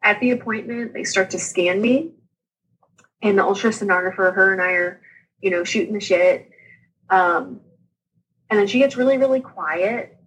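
A woman, a podcast guest candidly retelling her own experience with lively asides. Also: medium pitch, normal speed, pauses often, slightly rough, low-quality recording. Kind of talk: casual storytelling interview.

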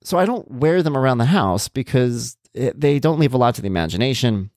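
A man's voice: a little fast, no room sound, clean studio sound. A man in his thirties hosting a podcast, telling a casual story and acting out both sides of the conversation. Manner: animated, jumps to a high voice when quoting himself. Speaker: podcast host.

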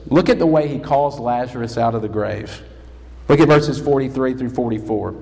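A man preaching a sermon as pastor, emphatic and rising to loud calls. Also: medium pitch, moderate pace, creaky. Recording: long hall reverb.

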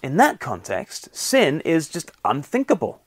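A man's voice: mid-range voice, lively intonation, unhurried, dry recording, clean studio sound. A man giving an earnest, emphatic short devotional talk on a Bible passage, with the odd filler. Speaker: Bible teacher.

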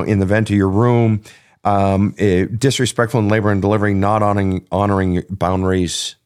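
A man's voice: fairly low pitch, a little mellow, smooth. A man hosting an advice talk show as a coach, speaking bluntly and emphatically with heavy swearing. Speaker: podcast host and relationship coach.

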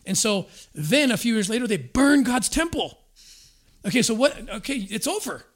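A man explaining history in a lively conversational way, acting out quotes with frequent restarts. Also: extremely high pitch, moderate pace. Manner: energetic storyteller, acts out quotes with restarts. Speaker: guest discussing scripture and history.

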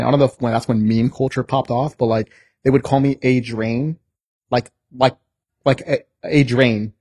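A young American man telling stories in a casual podcast chat, animated and swearing freely. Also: medium pitch, no room sound. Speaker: podcast guest.

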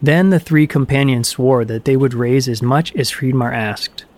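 A man narrating an audiobook of myths with measured, even storytelling. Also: mid-range voice.

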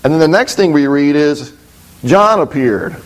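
Man reading scripture in a measured voice. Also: on the high side, expressive, poor audio. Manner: thoughtful, explanatory, with frequent hesitations. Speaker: Bible teacher.

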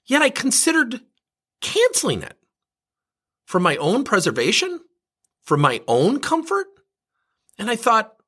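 A man giving a motivational talk about resilience, telling a personal story in an animated, emphatic way. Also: a little slow, pauses often. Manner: animated storyteller, swings from loud emphatic highs to low quiet asides. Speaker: speaker and workshop coach.

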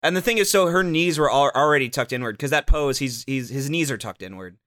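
Bright-voiced joking podcast host. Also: male voice, medium pitch, brisk, dry recording, clean studio sound. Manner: rambling, profane, joking. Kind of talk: casual podcast banter.

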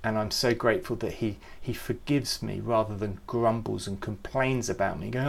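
A man who leads youth ministry, giving an earnest, reflective devotional talk with gentle emphasis. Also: on the low side, steady tone, normal speed, creaky, few pauses.

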